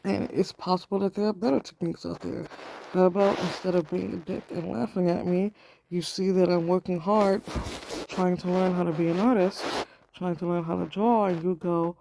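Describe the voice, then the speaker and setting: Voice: mid-range voice, steady tone, normal speed, gravelly, noisy background. A self-taught artist vlogger talking casually while drawing, ranting defensively and swearing often.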